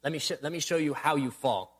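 A man's voice: fairly high pitch, fast, husky. A man preaching a sermon, building to emphatic bursts and repeating refrains. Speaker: pastor.

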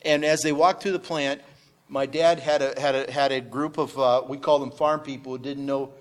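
A man's voice: medium pitch, steady tone, moderate pace. A middle-aged man telling a business story on a panel, rambling and restarting with many fillers. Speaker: business owner sharing testimony.

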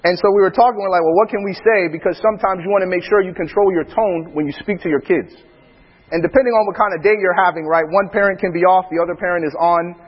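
A man with a high, husky voice tells family stories in a church talk, animating the lines as he goes. The sound is dull, and a long echo hangs behind it as though it were recorded in a hall. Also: quick pace. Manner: animated storyteller who acts out his family's lines and laughs often. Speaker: father speaking alongside his wife. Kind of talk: church talk on parenting with anecdotes.

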